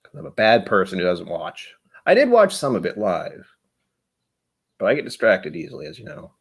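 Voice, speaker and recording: A man's voice: fairly low pitch, huge pitch swings, moderate pace, gravelly, breathy edge. A man hosting a casual livestream, rambling and chatty with frequent laughs, his voice a bit tired. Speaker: livestream host.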